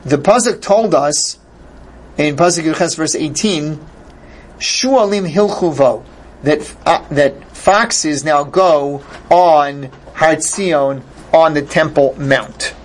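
Man with a slightly raised pitch, explanatory Torah teacher who translates his Hebrew phrases as he goes. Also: takes it slowly. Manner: glosses each Hebrew phrase in English; thinks aloud, with repeated starts.

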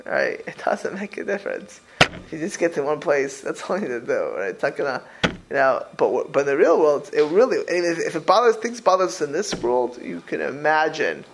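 Guy teaching a small group, lots of restarts and hebrew words, fairly high voice that jumps all over. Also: fairly quick, creaky, noisy background. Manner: animated and rambling, with many restarts; peppers speech with Hebrew and Yiddish religious terms. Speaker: religious teacher. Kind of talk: informal talk to a small group.

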